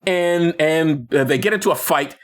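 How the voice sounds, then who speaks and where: A man co-hosting a podcast, retelling a film in casual chat with lots of restarts and laughs. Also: fairly high pitch. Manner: animated, halting retelling with many restarts and laughs. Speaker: podcast co-host.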